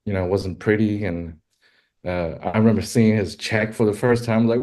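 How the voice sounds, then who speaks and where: Podcast guest, male, very low voice, casual storyteller who jumps into high exclamations. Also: moderate pace. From California. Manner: animated, exclaims in high pitch when quoting himself. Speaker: guest, rodeo filmmaker.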